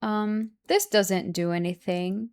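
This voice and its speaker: Her voice is medium-pitched and clean, and she takes things slowly. A young woman streaming chess, she thinks aloud with anxiety, later reviewing the game chattily, repeating herself under stress and letting out loud, excited cries.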